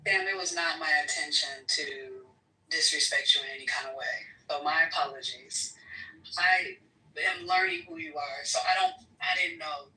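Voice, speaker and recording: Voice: mid-range voice, big pitch swings, moderate pace, sharp tone. A speaker talking politely and carefully in an online voice-chat discussion. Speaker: debate participant. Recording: roomy, distant mic.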